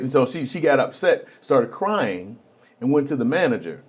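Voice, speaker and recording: A man, a guest on a TV interview show, telling family stories in a relaxed way and acting out the people he quotes, with frequent restarts. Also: medium pitch, normal speed, breathy edge. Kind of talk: storytelling in a TV interview.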